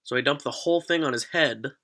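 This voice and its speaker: A man's voice: mid-range voice, quick pace, bright, forceful tone. A young man vlogger telling a rambling, profane story in a casual storytelling vlog.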